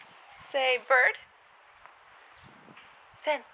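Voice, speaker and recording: A woman's voice: high-pitched, extremely slow, sharp tone, a little hiss or hum. A mother using coaxing, sing-song baby talk, asking her small child question after question.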